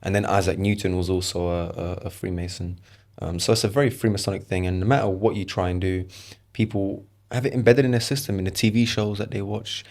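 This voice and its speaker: A man talking as a podcast guest, animated and firing off rhetorical questions in casual conversation. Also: low-pitched, a little fast.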